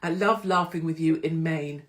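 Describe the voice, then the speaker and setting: A woman's voice: deep voice, moderate pace. A middle-aged woman hosting a casual live-stream chat on her phone, teasing and greeting viewers by name. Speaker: host of a live online pub show. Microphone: phone livestream.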